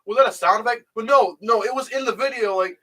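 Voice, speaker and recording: Young guy host rambling thru a story, lots of likes, high voice kinda far from the mic. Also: fast, bright, forceful tone. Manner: rambling, full of "like" and "you know". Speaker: YouTube host. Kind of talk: casual chat, retelling a video. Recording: voice a bit off the mic.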